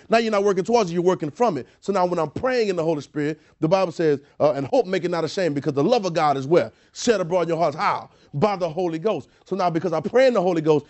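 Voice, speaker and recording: A man's voice: a little high, quick pace, few pauses, a little mellow. Emphatic man preaching a sermon. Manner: emphatic, repetitive preaching with rhetorical questions; frequent word repetitions and restarts.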